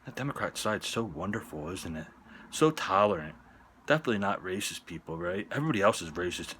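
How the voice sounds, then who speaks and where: A man from the northern United States giving sports picks on his vlog in a profane, sarcastic rant, jumping between loud jabs and muttered asides. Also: deep voice, animated, fast, slight background noise. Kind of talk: ranting sports opinion vlog. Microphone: on-camera vlog mic.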